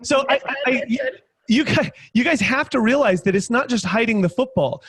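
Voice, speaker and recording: A man on a video panel telling a lively story, acting out both sides of a conversation with many quick restarts. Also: extremely high pitch, breathy edge, no echo, studio quality. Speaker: guest panelist, sales trainer.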